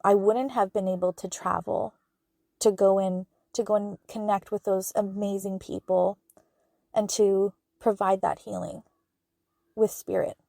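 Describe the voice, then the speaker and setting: A woman's voice: mid-range voice, steady tone, measured pace, gravelly, warm tone, dry recording, studio quality. A woman hosting her own podcast as a spiritual medium, talking in an earnest, heartfelt way with plenty of filler words. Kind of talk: casual solo podcast monologue.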